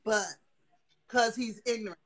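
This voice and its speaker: Brief: high-pitched female host, opinionated gossip chat on a live stream. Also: fairly even intonation, a little slow, fairly bright tone. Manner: opinionated, chatty, addresses viewers. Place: indoors, hot room.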